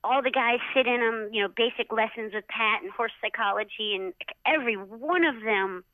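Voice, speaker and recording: Brief: middle-aged woman, high bright pitch, chatty animated storyteller, dry dull lo-fi audio. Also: moderate pace, dry recording. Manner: animated, acts out others' lines with many "like" fillers. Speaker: interview guest, former jockey. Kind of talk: casual storytelling interview.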